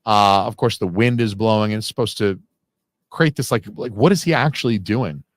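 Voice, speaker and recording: Male film commentator, low pitch, close and dry, casual, cussing, digressive. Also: normal speed, no echo. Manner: casual, profane, digressive with frequent fillers.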